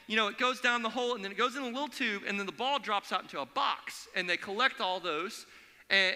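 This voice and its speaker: A man delivers a sermon in a church sanctuary, his voice high and sharply bright. He tells stories with energy and slips into the voices of the people in them. A long reverb from the hall trails each phrase. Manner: animated storytelling, acts out quoted voices. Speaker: pastor.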